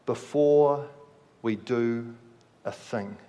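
Slow preacher in a reverberant hall. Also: male voice, medium pitch, smooth. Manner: slow, measured delivery dropping soft at phrase ends. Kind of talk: sermon.

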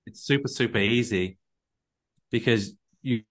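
A man's voice: mid-range voice, unhurried. A man coaching a caller on a live call, talking earnestly and often repeating words as he works through his advice. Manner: earnest, repeats words while thinking, acts out sample dialogues. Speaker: relationship coach. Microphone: call recording.

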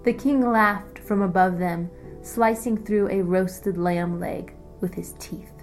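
Woman, audiobook narration, slow, measured, medium pitch. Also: steady tone, faint music behind, poor audio. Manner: measured, descriptive. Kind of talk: scripted story narration.

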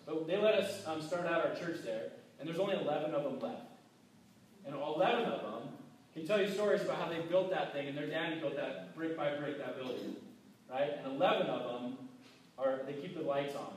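A man preaching a casual, animated sermon with restarts, acting out quoted voices. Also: fairly high pitch, brisk, slight background noise. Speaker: pastor. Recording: very echoey hall, mic far off.

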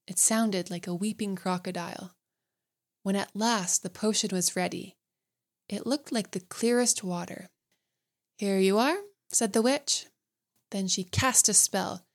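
A woman reading a bedtime fairy tale aloud, gentle and soothing. Her voice sits at a medium pitch and moves at an unhurried storyteller's pace. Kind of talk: calm bedtime story narration.

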